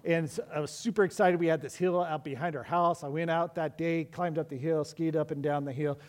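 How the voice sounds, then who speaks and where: A middle-aged pastor delivers a sermon, telling stories conversationally and restarting often. His voice is a little high, steady in tone, and brisk, with the long echo of a large hall around it.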